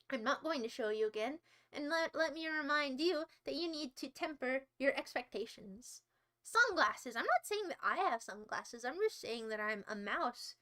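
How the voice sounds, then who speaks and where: Very high, bright-voiced woman streamer. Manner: playful mock-indignant ranting; exaggerated silly tangents and banter. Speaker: livestream host. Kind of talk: casual livestream chat with viewers.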